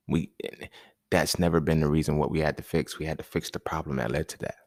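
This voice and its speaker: A man's voice: very deep voice, little pitch movement, normal speed, a little mellow, no room sound, studio quality. A man hosting a podcast, talking in a casual, emphatic monologue full of slang and repeated points. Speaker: podcast host.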